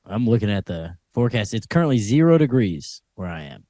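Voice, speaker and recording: A man's voice: fairly low pitch, sing-song, fairly quick, mellow, dry recording, studio quality. Laid-back laughing male podcast co-host. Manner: laid-back, laughs often, trails off with fillers. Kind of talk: casual chat.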